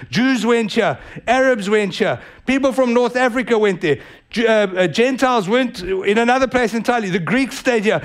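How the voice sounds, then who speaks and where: A male pastor preaching a sermon, telling a story and building to fervent, urgent preaching. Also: very high-pitched. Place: church sanctuary.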